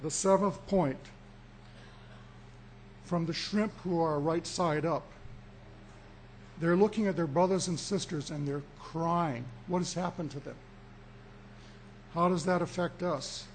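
A man preaching with a fairly high, light voice, drawing out his points slowly and pushing hard on key words. A faint hiss sits under the recording. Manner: emphatic preaching, slow deliberate pauses, rising for emphasis. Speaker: pastor. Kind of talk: sermon.

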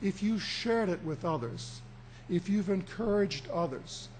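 A man preaching a sermon as pastor, with emphatic delivery and deliberate pauses that rise for emphasis. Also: sits high, expressive, darkish tone, a little hiss or hum.

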